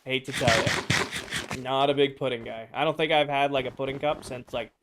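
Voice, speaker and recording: An American man streaming a game chats casually, reading viewers' answers aloud and reacting with playful opinions. His mid-range voice is fairly even in intonation and moderately paced, a bit bright, with a little hiss or hum in the audio.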